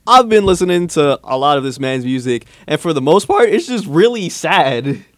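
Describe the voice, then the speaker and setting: Animated young man, slightly high voice. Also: dry recording, studio quality. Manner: animated, breaks into quick impressions. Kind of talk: casual chat.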